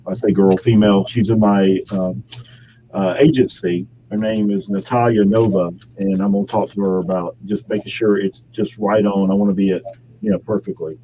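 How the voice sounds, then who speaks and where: A man's voice: lowish voice, fairly even intonation, moderate pace, warm tone, slight background noise, rough recording. A man, an actor, chatting casually in an interview and rambling with restarts and corrections. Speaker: actor guest.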